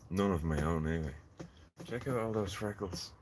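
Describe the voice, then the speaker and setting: A man's voice: deep voice, normal speed, a little mellow, slight background noise. A man chatting casually on a gardening live stream, rambling and joking with viewers from his greenhouse. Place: in a greenhouse in the rain.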